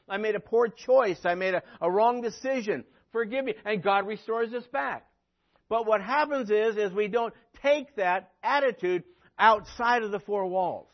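A man preaching a sermon as pastor, swinging from emphatic peaks to quiet, dry sarcastic asides. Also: sits high, muffled recording.

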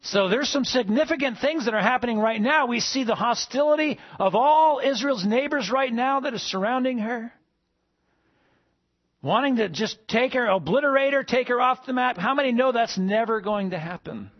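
A man preaching a sermon to a congregation, rising to emphatic peaks and then dropping soft. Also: high-pitched, no room sound, highs cut off. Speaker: pastor.

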